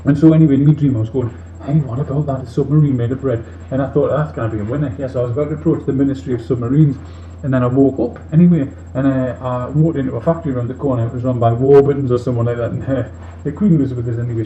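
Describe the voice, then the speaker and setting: A tipsy male robot leader rambles quickly and earnestly, drifting from one tangent to the next, as a man puts him on. His voice is very dark and heavy. The recording sounds muffled and roomy, with a faint hiss behind it. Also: mid-range voice, fairly even intonation, close to an everyday voice. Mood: tipsy rambling. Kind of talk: comic monologue in character.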